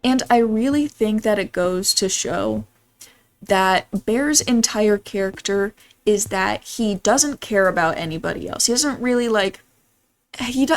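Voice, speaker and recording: A young woman giving casual, blunt opinion commentary in a slangy, opinionated manner. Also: mid-range voice. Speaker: movie commentary YouTuber.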